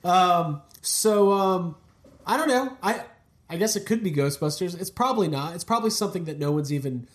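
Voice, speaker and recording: A man hosting a podcast in casual, animated banter, joking and swearing freely. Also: high voice, moderate pace. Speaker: podcast host.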